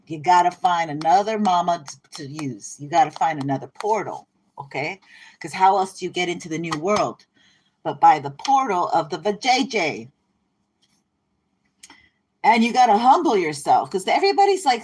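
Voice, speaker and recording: A woman reading tarot cards in a casual, rambling way. Her voice sits a bit low. She is irreverent and breaks into laughter often. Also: lively intonation, moderate pace, darkish tone, slightly rough. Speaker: tarot reader. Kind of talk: casual spiritual card reading.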